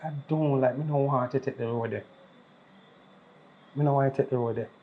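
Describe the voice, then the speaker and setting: A man's voice: mid-range voice, fairly even intonation, brisk, a little hiss or hum, lightly acted. A man with a Jamaican accent playing a worried father who earnestly pleads with his daughter and repeats himself as he begs. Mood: begging. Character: worried father, middle-aged, stern and loving. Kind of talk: improvised family drama skit. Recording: slightly dull lo-fi sound.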